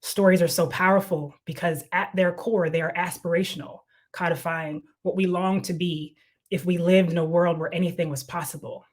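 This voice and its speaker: A woman moderating a panel, reading an introduction in a measured, formal way and posing questions. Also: fairly low pitch, fairly even intonation.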